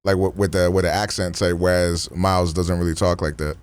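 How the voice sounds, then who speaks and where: Dude streaming and chatting loose and slangy, lots of "like", dry close mic. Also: male voice, low voice, flat delivery, fairly quick, clean tone, no echo. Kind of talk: casual stream chat.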